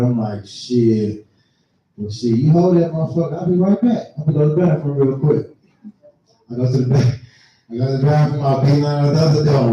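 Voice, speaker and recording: Middle-aged guy doing profane stand-up, kinda high voice, super echoey room, far off the mic. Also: highs cut off, a little hiss or hum. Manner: profane, animated storytelling. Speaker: stand-up comedian. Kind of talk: stand-up comedy set. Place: live comedy venue.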